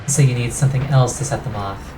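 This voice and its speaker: A woman's voice: rumbling low, fast, background noise. A tired woman streamer giving gameplay commentary and explaining game mechanics in detail. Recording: roomy echo with game music.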